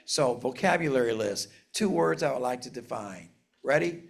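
A man preaching a sermon, reading scripture aloud and explaining it in an earnest, measured way, slowing down for emphasis. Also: medium pitch, lively intonation, creaky. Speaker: pastor.

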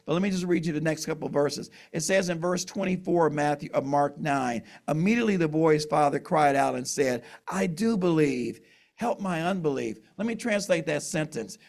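A man preaching a conversational sermon, reading scripture aloud and explaining it with asides. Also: on the high side. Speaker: pastor.

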